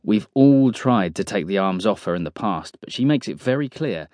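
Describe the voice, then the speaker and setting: Man, horror audiobook narration, low voice, dry close sound. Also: expressive, moderate pace, darkish tone, no room sound.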